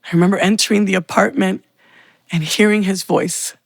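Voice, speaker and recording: Woman, personal testimony, gravelly fry, dry close sound, earnest. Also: mid-range voice, steady tone, brisk, dry recording. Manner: earnest, heartfelt storytelling. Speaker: testimony speaker.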